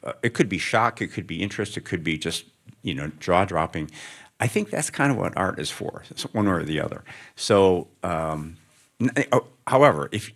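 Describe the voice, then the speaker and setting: Deep-voiced man musing thoughtfully onstage. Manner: thoughtful, rambling, self-interrupting. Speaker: writer guest. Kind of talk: onstage interview before students. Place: lecture room with student audience.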